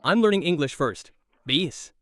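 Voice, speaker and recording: A man doing a stand-up comedy set, telling stories with lively crowd work and swearing. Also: on the high side, a little slow, no room sound, far from the mic. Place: comedy club stage.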